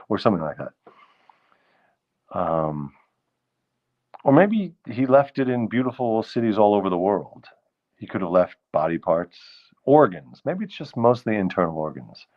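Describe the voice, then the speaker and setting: A man's voice: deep voice, sing-song, phone-quality sound. Man crooning old show tunes and joking. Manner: croons show tunes slowly, then chats fast and jokey. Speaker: host of a live music stream. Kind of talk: casual live-stream chat with singing.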